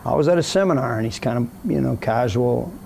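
A man telling a story in a casual interview, animated, acting out the other people's voices as he goes. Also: mid-range voice, a little fast, creaky, slight background noise.

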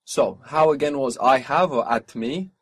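A man's voice: mid-range voice, unhurried, slightly rough. A man teaching a spoken language lesson, patiently asking for phrases, repeating each answer back and explaining pronunciation.

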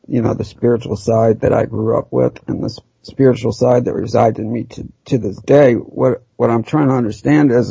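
A low, gravelly man with a dark, raspy voice works through his questions slowly and haltingly. He co-hosts a casual podcast. The sound is dry, dull and lo-fi. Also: dry recording.

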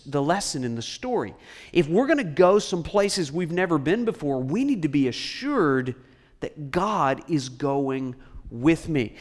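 A male pastor preaching a sermon, swinging from loud emphatic lines to soft quiet ones and dropping in joking asides. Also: on the high side.

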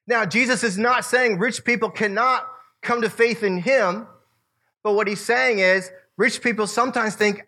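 A man preaching a casual, animated sermon to a youth group, using slang and quoting voices. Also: high-pitched, normal speed. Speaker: youth pastor.

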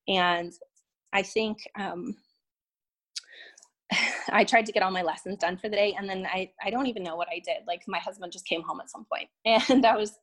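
This is a young woman in her everyday speaking voice, pitched at a middle height. She tells a personal story as a guest, casual and unpolished. She hesitates often and restarts her sentences. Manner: halting, full of "um" and "like", restarts. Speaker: podcast guest; violin teacher.

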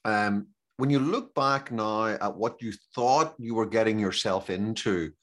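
A middle-aged business coach hosts a conversational podcast interview, speaking in a rambling, halting way full of fillers and restarts. His voice sits on the low side.

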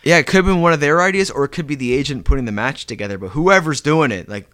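Man co-host, high lively bright voice, acts out other people's lines while he recaps. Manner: animated, acts out wrestlers' lines in quick voices. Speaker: podcast co-host. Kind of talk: casual wrestling recap chat.

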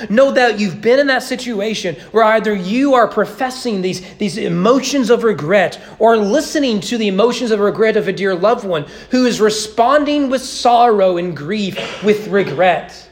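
Animated male preacher with a lively voice. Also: sits high. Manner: expressive preaching, slowing and stressing key words. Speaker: pastor. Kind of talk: sermon. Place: church sanctuary.

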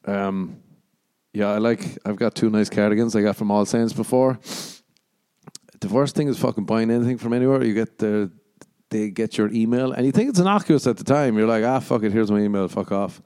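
Young Irish guy, podcast host, sweary sarcastic ramble, low mellow voice. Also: normal speed, clear, resonant tone. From Ireland. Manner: crude, sarcastic, jumps into mock voices. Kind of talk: rambling solo podcast chat.

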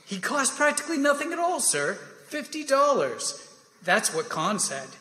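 A man's voice: extremely high pitch, huge pitch swings, normal speed, pushed and bright, heavily acted. A man reading the part of an eager young army lieutenant who keeps pleading with his superior in a staged play reading. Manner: wheedling, persistent, keeps saying sir. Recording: echoey reverberant hall.

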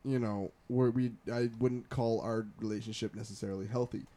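A man's voice: medium pitch, fairly quick. A young man co-hosting a casual podcast chat, telling stories with quoted voices and lots of laughter. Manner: storytelling with lively quoted voices and frequent laughter. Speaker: podcast co-host.

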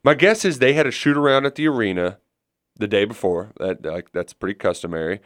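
A man's voice: on the low side, brisk, no room sound, studio quality. A man co-hosting casual sports talk, rambling and conversational with frequent restarts.

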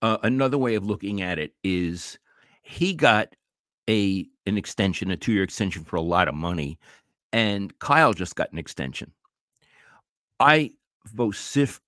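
An older man talks sports on a podcast in a lowish, animated voice that rises and falls widely. He is blunt and opinionated, often stumbling and restarting mid-thought. The recording is dry and close. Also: dry recording. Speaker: co-host, retired sports writer. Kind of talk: casual sports podcast chat.

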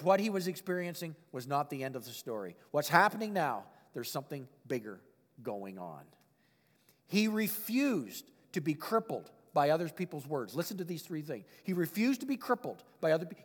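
High-voiced preacher in a reverberant hall. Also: male voice, normal speed. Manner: expressive preaching, reads scripture, chuckles at his own points. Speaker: pastor. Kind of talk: sermon.

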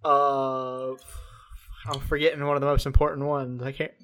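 A co-host chatting casually on a podcast, opinionated and quick to joke. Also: mid-range voice, flat delivery, a bit bright. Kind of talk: casual chat.

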